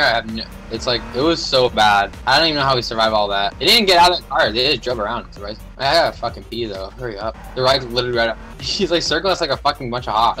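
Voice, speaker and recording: A young man commenting on his own game, excitable and profane, yelling in panic and trash-talking other players. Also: medium pitch. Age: young adult. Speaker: gamer streaming a battle royale match. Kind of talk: casual gameplay commentary. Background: background music.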